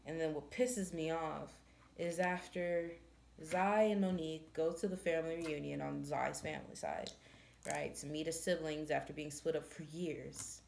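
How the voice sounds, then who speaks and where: A woman's voice: low voice, steady tone, normal speed, gravelly, a little mellow, a little hiss or hum. A woman reviewing a book in casual chat, retelling the plot in a blunt, profane, exasperated way.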